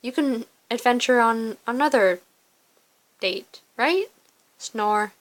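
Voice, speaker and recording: A woman's voice: medium pitch, expressive, takes it slowly, fairly bright tone, rough recording. A young woman who reads through a story game and chats about her choices, casual and self-mocking. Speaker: game player. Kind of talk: casual commentary while reading a story game.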